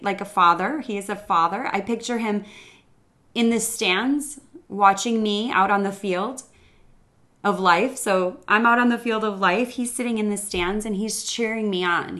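An earnest, reflective middle-aged woman speaks in a personal faith-podcast monologue. Her pitch sits in the middle of the usual range for a woman, and now and then she pauses on a soft "um" before carrying on. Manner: earnest and reflective, with some hesitant "um"s. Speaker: podcast host.

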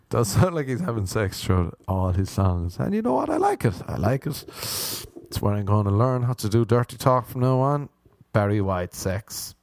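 A young Irish man rambles through a comic monologue, wandering off on tangents and poking fun at himself. His voice sits a little low. The sound is close and dry, with no room around it. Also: sing-song, normal speed, vocal fry, darkish tone, no room sound. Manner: meandering, self-mocking, jumps into sung snippets and silly voices. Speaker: comedian.

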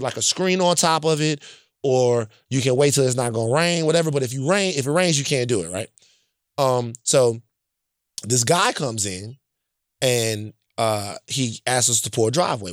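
A man's voice: mid-range voice, dry recording. Brief: blunt, emphatic male storyteller from Louisiana, casual, dry close mic. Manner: emphatic, repeats points, checks in with "right?"; profane and blunt.

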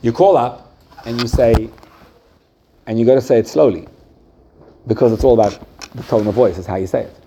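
A male religious teacher leads a Jewish class, asking his students one question after another and slowly drawing out the key points. His voice has an ordinary pitch and a dark tone, with faint background noise.

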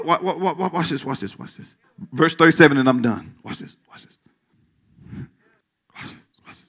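A male pastor preaching a sermon in church, calling out questions to the congregation and dropping into hushed asides. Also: medium pitch, creaky, breathy edge. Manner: call-and-response preaching, swings from loud to hushed asides.

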